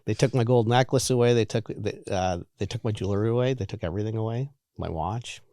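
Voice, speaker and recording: Halting, low-voiced man in his forties. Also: mellow, no echo, studio quality. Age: 40s. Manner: halting, repeats words and restarts. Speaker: guest sharing recovery story. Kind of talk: candid personal storytelling.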